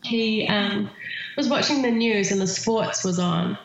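A woman's voice: mid-range voice, a little slow, gravelly, heavy reverb, highs cut off. A woman speaking as an interview guest, earnest and thoughtful, with many fillers. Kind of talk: reflective conversational interview.

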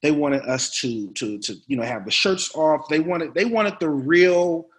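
A man, an actor as a guest, telling stories casually in an interview with lively, laughing delivery. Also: a little high, unhurried. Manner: animated, laughing storyteller.

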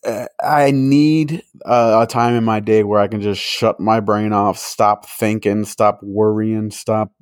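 A man's voice: fairly low pitch, fairly even intonation, a little slow, hardly any pauses, clean tone, no echo, studio quality. A young man co-hosting a podcast, chatting casually and rambling with lots of filler words. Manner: rambling, many "like" fillers, laughs easily. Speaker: podcast co-host. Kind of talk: casual chat.

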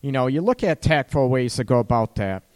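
A male radio host and counselor talks in a loose, chatty way, laughing between phrases. His pitch sits in an ordinary middle range. A long reverb trails behind his voice. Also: lively intonation, fairly quick, darkish tone, clear, resonant tone. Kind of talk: casual radio talk.

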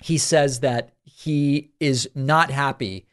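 A man's voice: mid-range voice, slow pace, a bit bright. A man hosting a political commentary show, sarcastic and incredulous as he reacts to clips.

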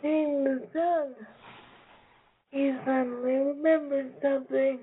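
A woman hosting a story time, gently reading a children's story aloud. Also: sits high, fairly even intonation, takes it slowly, long pauses. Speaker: storytelling host. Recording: tinny phone-like recording with noise.

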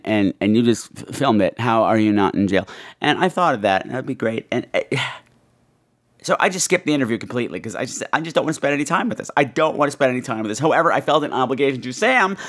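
Blunt, animated film-review podcast host. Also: medium pitch. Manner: animated, acts out scenes with exaggerated voices; blunt and profane. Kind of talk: casual ranting film review.

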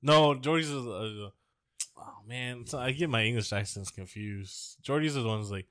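A man's voice: medium pitch, moderate pace, fairly bright tone, no room sound, studio quality. A man co-hosting a podcast, talking in a crude, rambling, jokey way. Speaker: podcast co-host. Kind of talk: casual comedic chat.

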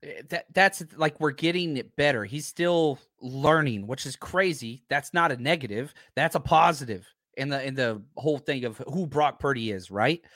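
A man's voice: medium pitch, normal speed, few pauses, a bit bright, no room sound, studio quality. A man hosting a live sports talk stream, ranting casually and animatedly, swearing and interrupting himself. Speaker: sports talk show host.

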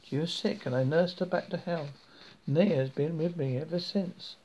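A man's voice: on the high side, a little mellow, lightly acted. A man voicing a stern elderly woman who protects a siren, speaking coldly and firmly. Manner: cold, firm, measured.

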